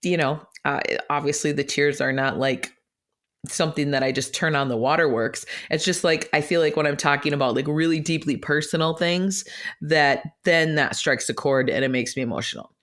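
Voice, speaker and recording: A woman's voice: deep voice, moderate pace, a bit bright. A middle-aged woman hosting a podcast, telling a personal story in a chatty, emotional way, laughing often and acting out her own quoted words, recorded in an office. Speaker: podcast host.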